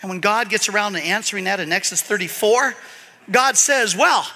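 High, bright-voiced preacher in a hall. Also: male voice, a little fast. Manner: animated, swings from loud emphasis to quiet asides. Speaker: pastor. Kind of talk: sermon. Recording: long hall reverb.

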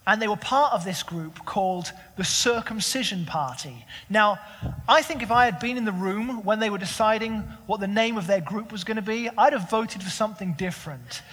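A man's voice: high-pitched, a bit bright, breathy edge, in a large hall. A young man preaching a sermon as pastor, conversational and full of rhetorical questions.

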